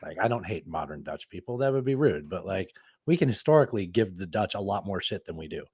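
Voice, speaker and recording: A man in his thirties hosting a casual podcast, rambling and animated, who swears casually. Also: low voice, fast talker, slightly rough, dry recording. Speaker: podcast host. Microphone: studio microphone.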